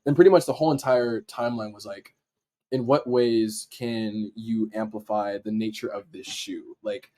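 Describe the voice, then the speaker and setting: A man, a podcast guest, telling a story in casual slang and acting out his own excited reactions. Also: lowish voice, moderate pace. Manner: animated, acts out his own reactions in quotes; casual slang, frequent "like" fillers. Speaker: podcast guest, dancer and video editor.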